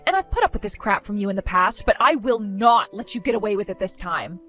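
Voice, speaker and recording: A woman's voice: medium pitch, lively intonation, a little fast, pushed and bright, soft background music. A woman voicing a weary, exasperated young married woman who answers with dry sarcasm in a text-story skit. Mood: fed-up.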